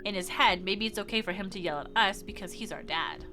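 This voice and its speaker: A woman reading the part of a cautious, reasonable teenage girl aloud from a visual novel, in a calm, reasoning manner. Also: medium pitch, brisk, lightly acted. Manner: calm, reasoning, mildly preachy. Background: game music.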